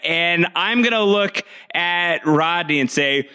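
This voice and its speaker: A man's voice: a little high, expressive, slow pace, bright, forceful tone, smooth. A man playing a tabletop game, describing his character's actions playfully and at length. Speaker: player.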